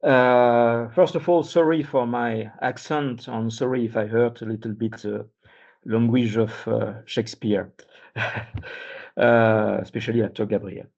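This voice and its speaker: Halting gravelly-voiced man presenting. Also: medium pitch, steady tone, darkish tone. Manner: halting, many fillers and restarts. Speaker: conference speaker. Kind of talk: presentation at a workshop. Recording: dull muffled sound.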